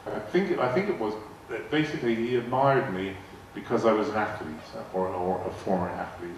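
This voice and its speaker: An older man telling rambling anecdotes to a live audience, often repeating words and acting out quoted dialogue. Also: fairly low pitch. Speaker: guest speaker telling anecdotes. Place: large arts hall. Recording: echoey hall, distant mic, faint noise. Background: audience laughter.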